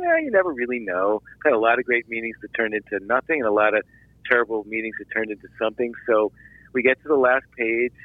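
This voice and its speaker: A low-voiced man from Philadelphia tells his story with lively restarts and asides. He comes through a tinny phone-like line, bone dry with no room sound. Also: no echo. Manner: animated anecdotal storytelling with restarts. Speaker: documentary filmmaker guest. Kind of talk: storytelling interview.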